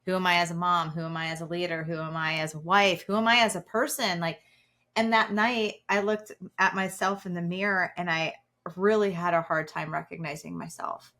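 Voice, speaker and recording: Female guest, 40s, lower voice, animated storyteller, lots of "like" and "right.". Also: brisk. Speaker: guest, keynote speaker. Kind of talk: personal storytelling in interview.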